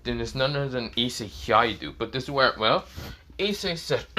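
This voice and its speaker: A man's voice: mid-range voice, animated, normal speed, sharp tone. A young man improvising a fan story as narrator, rambling with many fillers and restarts.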